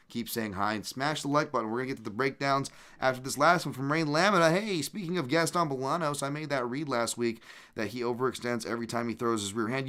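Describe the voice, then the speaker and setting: A young adult man hosting a podcast, chatting casually and reading comments, relaxed and rambling with many fillers and restarts. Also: mid-range voice. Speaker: podcast host.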